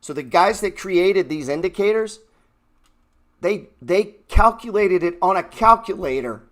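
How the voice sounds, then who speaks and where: A man's voice: high voice, expressive, measured pace, fairly bright tone. A man hosting a trading livestream, ranting bluntly and swearing heatedly from his computer. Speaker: trading show host.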